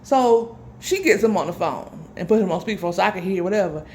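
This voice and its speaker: A woman's voice: on the low side, fast talker, slight background noise. A woman telling a personal story in a casual, chatty way, addressing her listeners directly with dramatic asides. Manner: chatty, addresses listeners as y'all, animated retelling.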